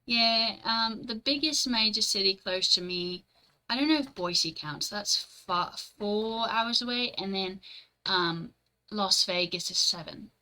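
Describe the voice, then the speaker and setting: A young woman streaming from home, chatting casually with her live chat, blunt and quick to swear and laugh. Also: mid-range voice, pushed and bright, poor audio.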